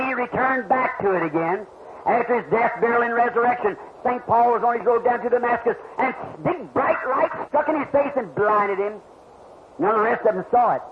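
A man preaching a revival sermon to a crowd, telling healing stories and asking the listeners questions. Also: very high voice. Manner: fervent, storytelling, asks the crowd questions. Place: large meeting hall. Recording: dull lo-fi archival tape with hiss.

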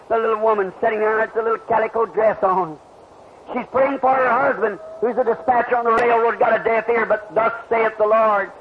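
A man preaching a revival sermon to a crowd, telling healing stories and asking the listeners questions. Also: high voice. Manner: fervent, storytelling, asks the crowd questions. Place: large meeting hall. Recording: dull lo-fi archival tape with hiss.

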